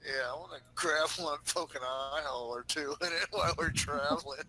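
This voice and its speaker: A man joking quickly and playfully as a player in a tabletop game over an online call. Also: a little high, bright, forceful tone, low-quality recording. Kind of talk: casual tabletop play.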